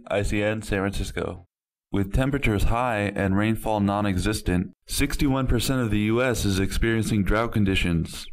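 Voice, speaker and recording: A man reporting scripted news stories with a plain, steady delivery. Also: fairly low pitch, rough recording.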